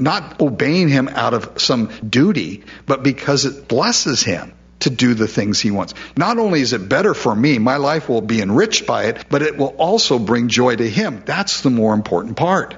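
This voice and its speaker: A man's voice: medium pitch, breathy edge, lo-fi sound. A man preaching a sermon in a conversational way, with frequent asides and quoted voices.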